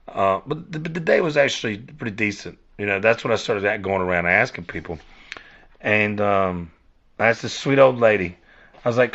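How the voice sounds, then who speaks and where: A man's voice: on the low side, expressive, normal speed, fairly bright tone. Rambling man, lo-fi. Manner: rambling, repeats and restarts, cursing, addresses listeners as y'all. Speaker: podcast host. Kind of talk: casual rambling monologue. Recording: dull lo-fi recording.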